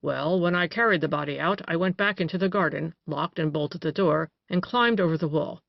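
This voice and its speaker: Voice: mid-range voice, fairly quick, gravelly, no room sound, lightly acted. An audiobook reader voicing a boastful male detective who relishes telling his crimes, on a dry, dull recording.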